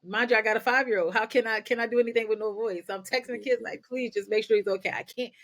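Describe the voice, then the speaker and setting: Energetic woman telling her story. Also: a little high, fast talker. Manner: energetic, repeats words, talks in bursts. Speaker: podcast guest, nonprofit founder. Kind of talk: candid personal storytelling.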